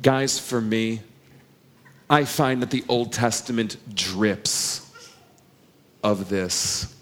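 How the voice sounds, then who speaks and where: A man's voice: lowish voice, drawn-out words, fairly bright tone. A middle-aged man preaching a sermon to a congregation, earnest and conversational, often asking the listeners questions. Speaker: pastor.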